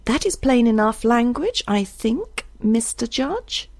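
A woman's voice: on the high side, sing-song, measured pace, warm tone, husky, dry recording, voice pushed up, heavily acted. A woman voicing a cool, determined young woman who speaks dryly and intensely in an audiobook. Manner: dry, intense.

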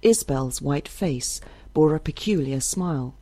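A woman narrating an audiobook in a measured, expressive reading. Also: low voice, dry recording.

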